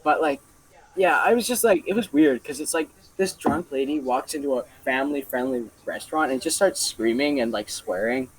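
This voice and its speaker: A man's voice: a little high, moderate pace, breathy edge, rough recording. A young man casually telling a story on a podcast, rambling and full of fillers. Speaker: podcast co-host.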